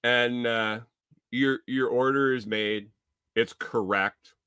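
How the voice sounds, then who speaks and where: A man's voice: mid-range voice, steady tone, slow pace, pushed and bright, smooth, no echo, clean studio sound. A man hosting a podcast, talking in a rambling, jokey, profane casual monologue. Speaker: podcast host.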